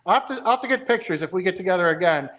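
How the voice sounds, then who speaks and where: Guy with a pretty high voice going on about his car build, excited, rambles. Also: racing. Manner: enthusiastic storyteller, rambling. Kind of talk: casual chat.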